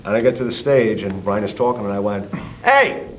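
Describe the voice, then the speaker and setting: Man, New York accent, middle-aged, fairly low voice, animated storyteller, swears, faint rumble behind. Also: fast, poor audio. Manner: lively, acts out quotes loudly, swears. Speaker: guest, tribute band singer.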